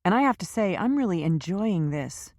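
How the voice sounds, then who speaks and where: A woman's voice: fairly low pitch, moderate pace, a little mellow, dry recording, clean studio sound. A woman voicing a determined woman questioning a captive in an audiobook, direct and pressing.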